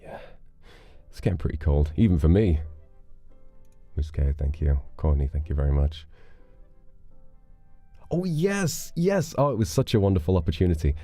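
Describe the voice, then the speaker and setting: A man with an extremely deep voice and a dark, mellow tone talks in a relaxed, playful way, reading donations and chatting with viewers. His voice sounds dry and close to the mic, with faint music underneath. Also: fairly quick, pauses often, dry recording. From United Kingdom. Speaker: livestream host reading donations. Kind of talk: casual chat.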